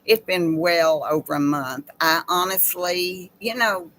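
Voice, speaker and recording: Slow, heartfelt woman host. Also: on the low side, a bit bright, rough recording. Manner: slow, heartfelt, emotional reading. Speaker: channel host. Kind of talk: casual chat with live viewers.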